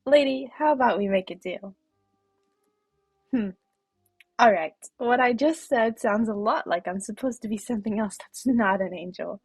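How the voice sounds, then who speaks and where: A woman voicing a boastful, teasing male guardian angel with old-man energy while reading game dialogue aloud, in a gravelly, husky voice. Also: on the high side, moderate pace, a little mellow, no room sound, faint music behind. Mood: wheedling.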